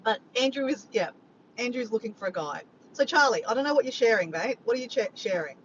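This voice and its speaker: A woman's voice: animated, fairly quick. An Australian woman hosting a casual livestream, chatting and joking with viewers and reading out their messages. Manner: chatty, joking, reads chat messages aloud. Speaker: livestream host. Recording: dull lo-fi sound with faint rumble.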